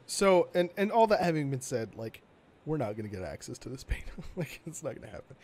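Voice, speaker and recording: Sarcastic, foul-mouthed young man, a bit high. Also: big pitch swings, brisk, a little mellow. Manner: blunt and sarcastic, swears freely. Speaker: podcast co-host. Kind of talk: casual gaming news chat.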